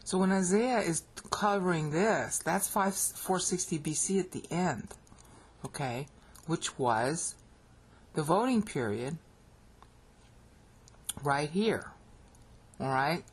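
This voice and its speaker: This is an American-accented Bible teacher talking over a screen recording, with a husky, slightly rough voice that sits at an ordinary middle pitch. They explain step by step and keep checking in with the listener, tossing in a quick "okay?" or "all right?" between points. It sounds like a computer mic at a desk. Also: animated. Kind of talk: screen-recorded lecture narration.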